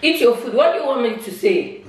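A woman's voice: fairly high pitch, lively intonation, a little fast. A woman from Ghana, a vlogger, scolding her husband in exasperation during a casual mukbang video. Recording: echoey room, far from mic, noisy.

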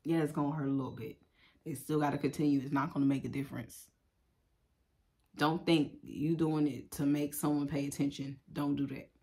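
A woman's voice: deep voice, fairly even intonation, a little fast, dark tone. A woman giving a casual tarot reading, talking bluntly and profanely in a loose, chatty way. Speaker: tarot reader.

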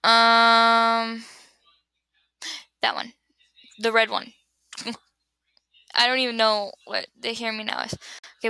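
Fairly high-pitched, bright and forceful, a young vlogger giggles her way through would-you-rather questions to her webcam at home, recorded on the computer's built-in mic with no room sound. She loses her train of thought, trails off and begins again.

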